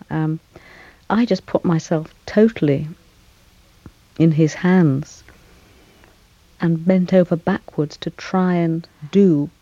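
A woman actress speaks in a mellow, darker tone, reflecting on her work with pauses and fillers. The sound is dry and a little muffled. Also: lowish voice, no echo. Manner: thoughtful, measured, with frequent fillers and little laughs. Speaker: actress as interview guest. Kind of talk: reflective interview answers.

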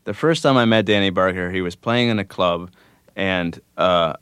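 Deep-voiced man musing through interview answers. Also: fairly bright tone, clear, resonant tone, no echo. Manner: thoughtful, unhurried, with frequent fillers. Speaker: musician guest. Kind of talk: relaxed radio interview answers.

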